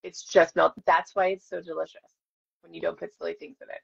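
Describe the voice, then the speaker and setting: Signing autographs during a live stream, a woman in her forties, an actress, swaps stories with fans in a chatty, self-deprecating way. She speaks fairly quickly in a fairly low, level voice that's slightly rough, with vocal fry. The stream audio is dull and lo-fi.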